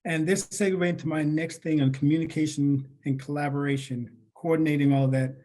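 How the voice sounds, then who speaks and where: A man co-hosting a business podcast, explaining in a steady, plain-spoken way. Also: fairly high pitch, brisk. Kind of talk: casual business podcast talk.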